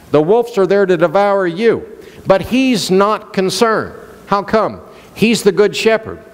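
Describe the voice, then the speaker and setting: A man's voice: high-pitched, in a large hall. A male pastor preaching a sermon, questioning the congregation and joking with them. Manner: playful, jokes and laughs.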